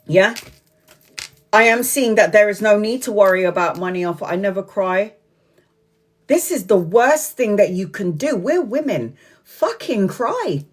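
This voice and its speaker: A woman's voice: mid-range voice, lively intonation, moderate pace. Woman, tarot reader, live stream, blunt, swears a lot, laughs, rambling. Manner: frank and blunt, swears freely, laughs often, digresses.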